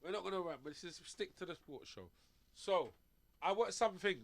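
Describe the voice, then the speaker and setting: A man's voice: high-pitched, brisk, vocal fry. A male radio sports show host, rambling in slangy studio banter and laughing often as he tells stories.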